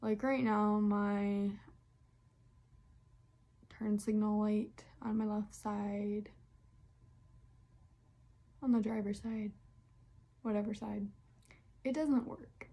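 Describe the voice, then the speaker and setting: A woman's voice: mid-range voice, little pitch movement, drawn-out words, pauses often, warm tone. A young woman answering questions in a casual solo vlog, chatty and candid with lots of fillers, sometimes dropping to a near whisper. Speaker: vlogger.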